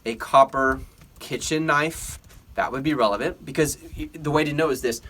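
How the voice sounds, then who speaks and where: A man teaching an online business tutorial in an energetic, emphatic way, often putting questions to his viewers. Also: mid-range voice, moderate pace. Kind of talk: screen-recorded tutorial.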